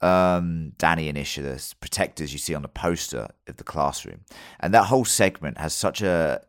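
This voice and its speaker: A man's voice: extremely low pitch, normal speed, dry recording, studio quality. A man hosting a podcast, telling a story loosely with plenty of fillers and the odd swear word. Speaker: podcast host. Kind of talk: casual podcast chat.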